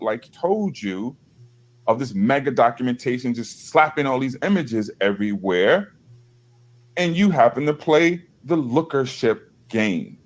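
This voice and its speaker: A man hosting his own video channel, talking casually and reading aloud from a page, with loose asides, apologies and some swearing. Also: medium pitch. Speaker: channel host.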